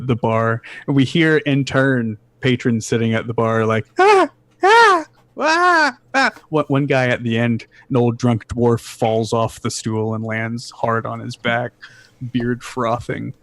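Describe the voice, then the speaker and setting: A man's voice: mid-range voice, little pitch movement, unhurried, no room sound. Guy running a tabletop game, stumbly narration, dry close sound. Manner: rambling, many restarts. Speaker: game master.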